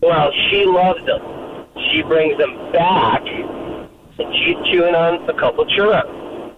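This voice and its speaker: A man's voice: fairly high pitch, slow pace, far from the mic. A man calling in to a talk show, telling a rambling story and acting out the voices in it. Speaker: caller. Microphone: phone. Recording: tinny phone line with static.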